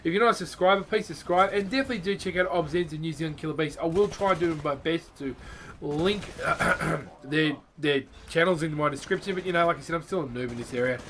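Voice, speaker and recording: A man's voice: a little high, brisk, fairly bright tone, a little hiss or hum. A man talking casually over his gameplay, chatty and encouraging, often laughing at himself. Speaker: gaming YouTuber.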